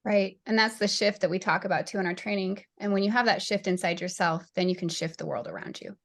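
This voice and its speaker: A woman's voice: mid-range voice, fast. A woman guest on a podcast, talking reflectively with lots of fillers. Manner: reflective, heavy use of fillers. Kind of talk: casual conversation.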